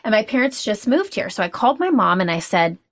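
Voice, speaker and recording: Brief: expressive woman guest, mid-pitched, chatty podcast storytelling with restarts. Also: brisk. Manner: animated storyteller, many restarts. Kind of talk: casual chat.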